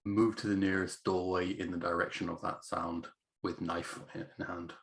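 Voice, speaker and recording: A man's voice: low voice, flat delivery, moderate pace. A man playing a tabletop role-playing game, asking about the rules and declaring his character's actions. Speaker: player. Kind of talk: casual tabletop play.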